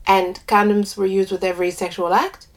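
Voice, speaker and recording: A woman's voice: medium pitch, little pitch movement, moderate pace, natural voice. A woman voicing a shrewd older female nurse with a lilting West Indian accent, asking clipped clinical questions in a story reading. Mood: brisk clinical. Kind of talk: audio drama reading.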